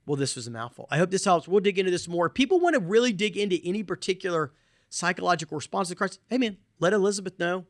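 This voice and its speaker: A man hosts a podcast and talks through advice in a loose, animated way, leaning on "right?" and "man". His voice sits a little high for a man. The sound is dry and close, with almost no room around it. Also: fast talker, dry recording. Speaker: podcast host. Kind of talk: casual advice talk.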